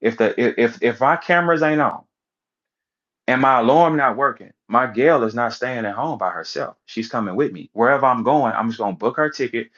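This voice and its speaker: A man giving blunt, profane commentary in an animated rant, punctuated by rhetorical questions. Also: medium pitch, fairly quick, lo-fi sound.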